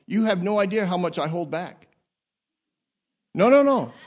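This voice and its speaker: A male pastor preaching in a church, animated and laughing, often repeating words as he goes. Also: high voice, normal speed, muffled recording, a little hiss or hum. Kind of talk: sermon. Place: church sanctuary.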